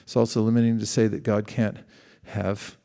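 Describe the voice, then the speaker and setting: A man's voice: fairly low pitch, flat delivery, normal speed, creaky, warm tone, smooth. A middle-aged man giving a conversational sermon, asking the audience questions and acting out quoted exchanges. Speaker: spiritual teacher.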